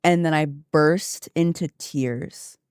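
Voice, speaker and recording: A woman streamer chatting casually with her viewers, telling a story with lively asides and laughter. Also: sits low, slow, clear, resonant tone, no echo, clean studio sound.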